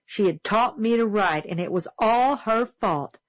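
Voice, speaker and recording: A woman reading a novel aloud as an audiobook narrator, steady and clear. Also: mid-range voice, a little slow, dry recording, poor audio. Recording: dry close studio sound.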